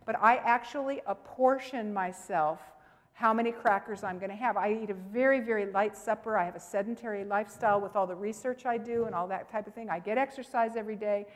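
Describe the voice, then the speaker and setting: Woman seminar presenter, emphatic and animated, long hall reverb. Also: mid-range voice, fairly quick. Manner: emphatic, animated, talks to the audience directly. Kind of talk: lively teaching with personal stories.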